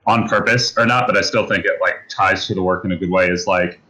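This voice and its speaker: A man's voice: sits low, fairly even intonation, fairly quick, bright, forceful tone, rough recording. A man co-hosting a podcast, talking through ideas in a thoughtful, rambling way with many fillers. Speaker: podcast co-host. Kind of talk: casual discussion.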